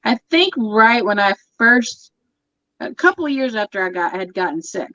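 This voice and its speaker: A woman with a fairly high voice tells stories in a casual chat, laughing often as she goes. Her voice comes through dull and dry, as on a home microphone. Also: very animated, moderate pace, bright, forceful tone, no room sound. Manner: chatty storyteller, laughs often. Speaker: podcast host.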